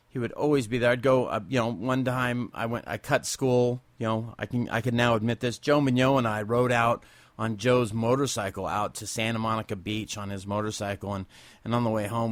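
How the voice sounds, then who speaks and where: Candid low-voiced man in his forties. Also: dry recording. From Southern California. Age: 40s. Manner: candid and emotional, rambling with restarts. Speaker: podcast host. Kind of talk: unscripted personal storytelling.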